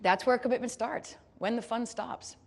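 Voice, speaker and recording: Lively woman telling a keynote story. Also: fairly high pitch, moderate pace, vocal fry. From United States. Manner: animated, playful, self-deprecating, addresses the audience directly. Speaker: motivational keynote speaker.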